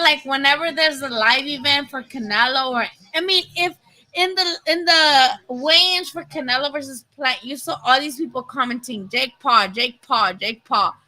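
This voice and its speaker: A woman's voice: high voice, pushed and bright, poor audio. A young woman from Nayarit, Mexico, chatting casually and profanely with viewers on a livestream. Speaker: boxing commentary streamer.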